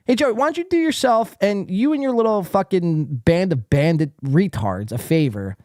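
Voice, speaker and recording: A man hosts a live podcast, firing profane, taunting insults at a viewer as he reads the chat aloud. His pitch swings widely between mocking highs and low growls. The sound is dry and close, with no room around it. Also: animated, normal speed, warm tone, dry recording. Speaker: podcast host. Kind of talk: live stream rant reading chat.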